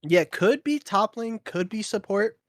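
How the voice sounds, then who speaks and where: Man, esports caster, slightly high voice, dry close mic, easygoing, laughs a lot. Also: animated, a little slow, dry recording. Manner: easygoing, laughs often, many fillers. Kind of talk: play-by-play commentary.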